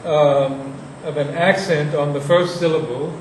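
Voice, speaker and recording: Slow, deliberate man lecturing on poetry. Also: on the high side, steady tone, darkish tone, a little hiss or hum. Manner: slow, deliberate, recites lines with heavy emphasis. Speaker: poetry teacher. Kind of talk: lecture on reading verse aloud. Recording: echoey room from far off.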